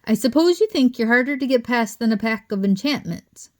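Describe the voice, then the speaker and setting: A woman reading as a stern older female teacher, speaking in a brisk, clipped, strict way. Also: mid-range voice, a little mellow. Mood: angry.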